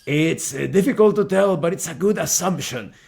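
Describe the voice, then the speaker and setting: A man voicing a polite, hesitant old male veteran who speaks with a halting, courteous manner. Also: a little high, expressive, vocal fry, darkish tone.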